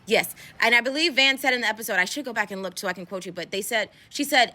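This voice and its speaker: Chatty woman retelling a show, bright voice. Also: fast talker, few pauses. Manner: animated, acts out characters' lines with big pitch jumps; rambling, self-interrupting with fillers. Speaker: cultural commentary host. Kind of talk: casual recap and commentary.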